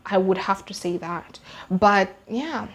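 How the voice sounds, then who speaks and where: A young Kenyan woman with a Kenyan English accent recounting a true-crime case in an animated, slangy, emphatic way. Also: medium pitch, takes it slowly. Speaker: YouTuber. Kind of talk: true-crime storytime vlog.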